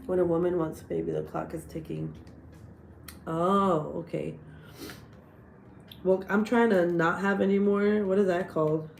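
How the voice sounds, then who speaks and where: A woman chats casually on a livestream, telling stories in a profane, animated way. Her voice is lowish with a gravelly edge. The sound is echoey, as if she is in a bare room. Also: unhurried, pauses often, slight background noise. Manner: profane, animated storytelling, laughs often. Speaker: livestream host.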